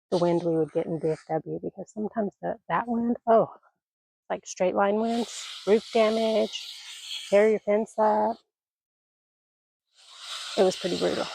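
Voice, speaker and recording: A woman's voice: medium pitch, gravelly, warm tone, slightly rough, dry recording. Retired woman, 60s, a homestead vlogger: rambling, folksy chatter into a phone outdoors, slightly scratchy voice, dry close sound. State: scratchy voice from allergies. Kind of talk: casual vlog chat. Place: outdoors on a mountain homestead porch and garden. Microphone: phone camera.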